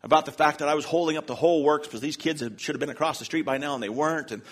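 This pastor from Charlotte, North Carolina, preaches a church sermon laced with humorous, self-deprecating personal stories. His Southern US voice is on the high side and comes out rapid-fire.

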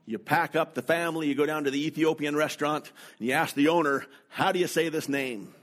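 A middle-aged man from North America preaching a sermon, telling personal stories slowly and deliberately. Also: on the high side, steady tone, a bit bright. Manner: slow, deliberate, anecdotal delivery. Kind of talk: sermon storytelling.

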